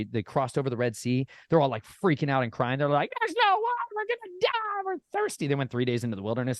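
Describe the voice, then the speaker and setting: A man talking casually as a podcast guest, folksy and animated, often addressing listeners as y'all. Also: mid-range voice, no room sound, studio quality. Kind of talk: casual storytelling chat.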